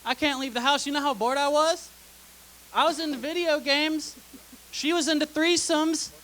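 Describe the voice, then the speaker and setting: Young female stand-up, very high and bright voice, sarcastic dry delivery, live theater stage mic. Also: fairly even intonation, moderate pace, low-quality recording. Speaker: stand-up comedian. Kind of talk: stand-up comedy set.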